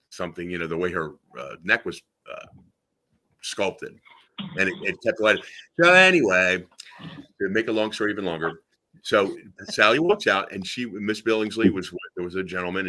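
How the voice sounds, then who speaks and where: Bright-voiced man telling rambling stories. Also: lowish voice. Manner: rambling storyteller with many fillers and restarts. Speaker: radio show host. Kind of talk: casual chat, anecdotes.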